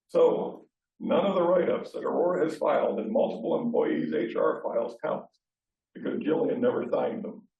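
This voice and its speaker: A man's voice: a little high, gravelly, a little mellow. A man giving a pointed, sarcastic public comment at a township meeting, reading from notes. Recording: distant, roomy, dull public meeting audio.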